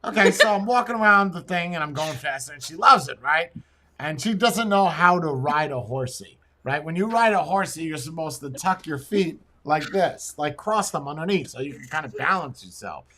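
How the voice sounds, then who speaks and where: Male podcast host, bright and slightly high, rambling crude storyteller. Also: lively intonation, moderate pace. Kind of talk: casual chat and storytelling.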